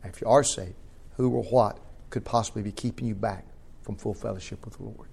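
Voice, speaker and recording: A man preaching a sermon in a folksy, impassioned way, shifting from quiet to loud. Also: fairly low pitch, fairly even intonation, fairly quick, gravelly, husky.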